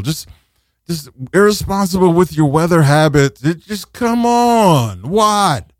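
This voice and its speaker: A man hosting an internet radio show from a New studio, delivering a comic rant that swings into shouted, mocking voices. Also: fairly high pitch, no room sound. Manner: exasperated ranting, shifts into shouted mocking voices.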